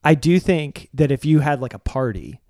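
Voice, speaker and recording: A man's voice: fairly high pitch, animated, moderate pace, a little mellow, dry recording, studio quality. A man co-hosting a casual chat about music videos, chatty and joking as he explains. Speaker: co-host.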